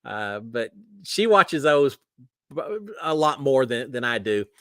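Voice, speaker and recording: A middle-aged man from the United States chatting on a live stream, rambling from one thought to the next with lots of fillers. His voice is bright and swings up and down a lot. The sound is dry and close. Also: medium pitch, lively intonation, takes it slowly, smooth, dry recording. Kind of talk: casual chat reading viewer comments.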